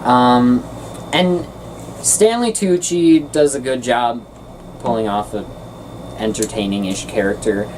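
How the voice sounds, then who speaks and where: Woman host, casual film reviewer, deep voice with big swings, heard from a little distance. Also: a little hiss or hum. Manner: animated, ranting, quick to get loud.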